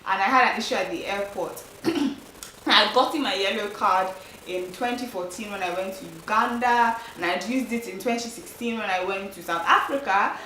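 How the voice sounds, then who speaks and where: A woman's voice: medium pitch, normal speed, pushed and bright, a little hiss or hum. A young woman vlogging her trip in a chatty, casual way, full of "like" and "um" fillers. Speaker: travel vlogger. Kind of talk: casual chat to camera. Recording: roomy, distant mic with faint ambience.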